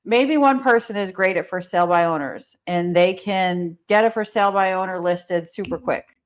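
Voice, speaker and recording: A woman's voice: on the low side, moderate pace. A woman with a New Jersey accent hosting a casual interview as a team coach, talking up her group with enthusiasm.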